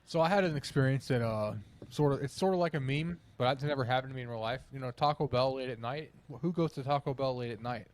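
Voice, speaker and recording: Young man, podcast co-host, casual storytelling, acts out quotes, mid pitch. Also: fast talker, few pauses.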